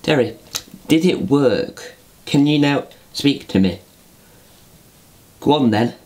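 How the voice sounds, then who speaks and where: A man's voice: mid-range voice, animated, takes it slowly, a little mellow. A man voicing a fretful, put-upon puppet host who talks to himself and stumbles over names in a homemade puppet comedy.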